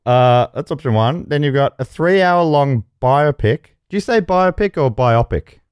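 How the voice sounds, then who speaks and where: Lively jokey male game show host. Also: mid-range voice, normal speed, clear, resonant tone, dry recording, clean studio sound. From Australia. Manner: jokey, chuckles mid-sentence. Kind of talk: comedy podcast banter, reading quiz options.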